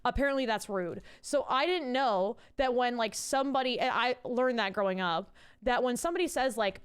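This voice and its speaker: A woman's voice: a little high, brisk, few pauses, smooth. Chatty, swearing woman live-streaming from home. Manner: chatty, rambling and casually profane. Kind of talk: casual live-stream chat reading out viewer messages.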